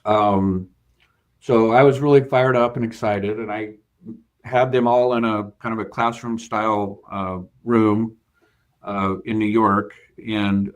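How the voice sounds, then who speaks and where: Earnest, lower-voiced man telling a story. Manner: earnest, hesitant with many fillers and repeated starts. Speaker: bank CFO, guest. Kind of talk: reflective interview storytelling.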